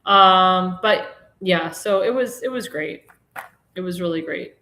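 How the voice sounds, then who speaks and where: A woman's voice: fairly low pitch, takes it slowly, bright, forceful tone, roomy sound. A woman hosting a live political talk show, chatting in a rambling way with many restarts and fillers, and turning mocking and indignant about politics. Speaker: host.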